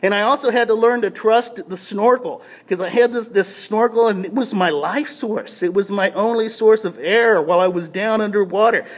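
Pastor type, high voice, casual anecdotal devotional, stumbling restarts, self-deprecating humor. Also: male voice, moderate pace, hardly any pauses. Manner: casual storytelling with repeated restarts. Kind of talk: short devotional talk.

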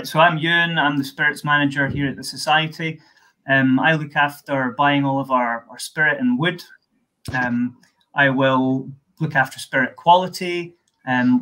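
A man, a spirits manager, giving relaxed, descriptive tasting notes with many fillers on a video call. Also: mid-range voice, poor audio.

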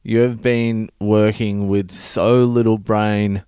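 A man's voice: on the low side, little pitch movement, slow, mellow, clean tone, no room sound, clean studio sound. A man in his thirties telling blunt, profane comic stories as a podcast host. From Australia. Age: 30s. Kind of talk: comedic monologue.

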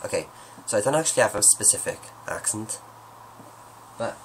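Man, very low voice, casual vlog Q&A, joking and self-deprecating, faint background hiss. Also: animated, moderate pace, pauses often, low-quality recording. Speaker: vlogger answering viewer questions. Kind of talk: casual Q&A monologue.

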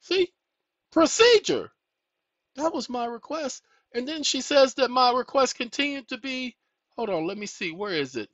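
A channel host with a very high-pitched voice talks at normal speed, reading documents aloud and calling his viewers "y'all." He's animated and rises excitedly, though his voice sounds tired and fatigued after a long session. The lo-fi home recording is dull, with no room sound.

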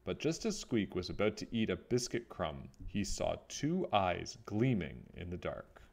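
Slow, low-voiced man reading a story. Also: vocal fry. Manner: expressive, unhurried storytelling. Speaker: children's story reader. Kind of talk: reading a picture book aloud.

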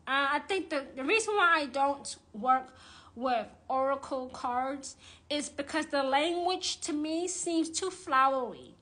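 A woman's voice: sits high, a little slow, bright, forceful tone. A woman who works as a witch and tarot reader, ranting on a livestream in a blunt, profane, indignant way and repeating phrases for emphasis. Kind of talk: live-streamed rant.

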